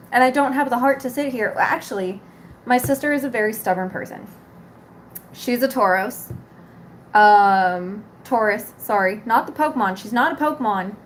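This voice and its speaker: A woman's voice: a little high, unhurried, slight background noise. A young woman vlogger ranting casually to camera, exasperated, swearing and rambling.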